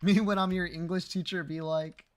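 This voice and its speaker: A man's voice: high-pitched, fairly even intonation, normal speed. A man streaming live, chatting casually with his viewers, teasing and joking and swearing freely.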